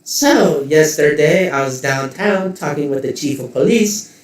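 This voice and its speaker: A man voicing a poised, smiling female corporate executive who speaks politely while making quiet threats. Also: on the high side, animated, heavy reverb, recorded from a distance, voice pushed up. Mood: cool, pointed. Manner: polite, measured, coolly threatening.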